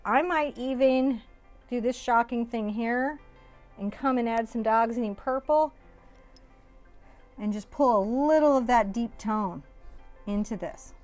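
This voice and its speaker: Chatty, laughing woman teaching painting. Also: fairly high pitch. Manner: chatty, jokey, laughs often. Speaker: painting instructor. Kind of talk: live painting tutorial.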